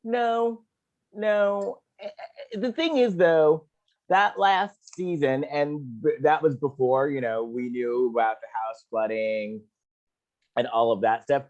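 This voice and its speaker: A man co-hosting a podcast about a book, chiming in with short affirmations and quick interjections. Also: fairly high pitch, a little mellow. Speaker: podcast co-host. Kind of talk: casual book discussion. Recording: muffled lo-fi audio.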